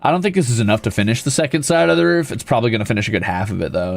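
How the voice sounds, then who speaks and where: Playful gravelly-voiced male streamer. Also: mid-range voice, lively intonation, rapid-fire, hardly any pauses, faint music behind. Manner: playful, teasing, mock-boastful. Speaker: VTuber streamer. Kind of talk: casual gaming stream chat.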